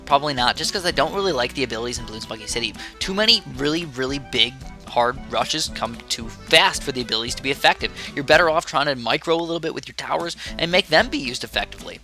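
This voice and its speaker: A man's voice: medium pitch, sharp tone. A young man giving casual, chatty commentary over his strategy game, wandering into rambling asides. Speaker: gaming YouTuber.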